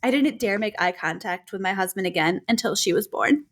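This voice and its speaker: A woman in her thirties co-hosting a casual podcast, animated and quick to laugh, acting out quotes as she reads stories. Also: medium pitch. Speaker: podcast co-host, labor nurse. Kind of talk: casual chat, reading stories aloud.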